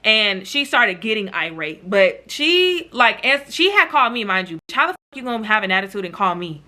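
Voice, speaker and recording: A woman's voice: mid-range voice, sing-song, moderate pace, pushed and bright. A woman vlogger telling a chatty storytime with lots of slang, talking straight to her viewers. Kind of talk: storytime vlog.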